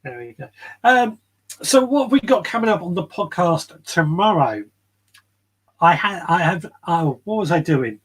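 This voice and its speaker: A man's voice: sits high, big pitch swings, a little slow, slightly rough. A man hosting a casual live gardening chat from his shed, rambling and friendly, reading out viewer comments. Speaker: podcast host.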